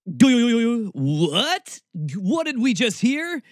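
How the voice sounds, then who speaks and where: Sarcastic ranting man, lively swooping voice. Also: very high voice, very slow, no room sound. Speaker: podcast host. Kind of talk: casual commentary.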